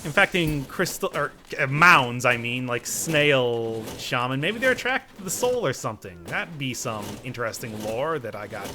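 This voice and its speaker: Animated man giving playful game commentary. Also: mid-range voice, normal speed, hardly any pauses, background noise. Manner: animated, joking, talks to game characters. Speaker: gaming let's-player.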